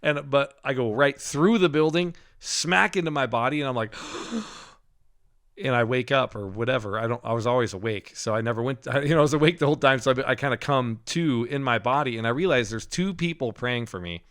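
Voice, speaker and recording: A middle-aged man on a podcast, telling a personal story in casual talk, with frequent laughs and halting restarts. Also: mid-range voice, fairly bright tone, smooth. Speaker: podcast co-host.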